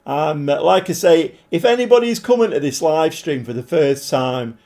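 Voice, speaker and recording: A man's voice: on the high side, normal speed, mellow. A man casually commentating while live-streaming a football management game and chatting with viewers, swearing mildly along the way. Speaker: game livestreamer.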